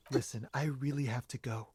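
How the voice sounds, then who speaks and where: A man's voice: medium pitch, steady tone, moderate pace, slightly rough. A man voicing an evasive, weary game character who is being questioned.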